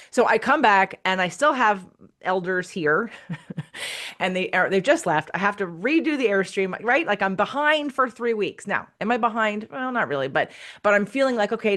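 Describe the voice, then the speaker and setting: In a somewhat bright mid-range voice, this podcast host chats casually and bluntly. She swears without fuss and acts out the voices of anyone she quotes.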